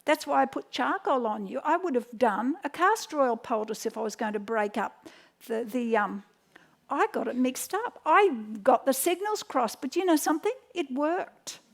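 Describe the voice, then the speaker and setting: A middle-aged woman with a high, gravelly voice teaches home remedies at a moderate pace. As a health educator, she leans on chatty stories, acting out quotes animatedly and restarting often.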